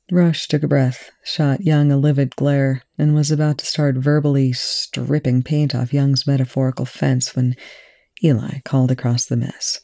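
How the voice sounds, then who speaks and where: Gravelly dark-voiced story reader. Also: medium pitch, level tone, normal speed, no echo, studio quality. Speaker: audiobook reader. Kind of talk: reading fan fiction aloud.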